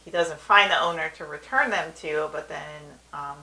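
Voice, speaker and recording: A woman's voice: low voice, moderate pace, pushed and bright, poor audio. A woman co-hosting a casual episode review, retelling scenes in detail and agreeing with short yeps. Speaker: podcast co-host.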